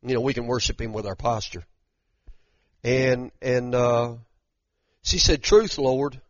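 A man's voice: mid-range voice, little pitch movement, a little slow, a bit bright, dry recording, muffled recording. A man preaching a sermon in a conversational way, often restarting and repeating words as he talks straight to the congregation. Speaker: pastor.

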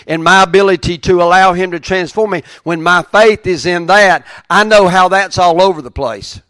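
A man preaching a sermon, moving from quiet reflective reading to raised, emphatic preaching. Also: high-pitched, smooth, dry recording. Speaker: pastor.

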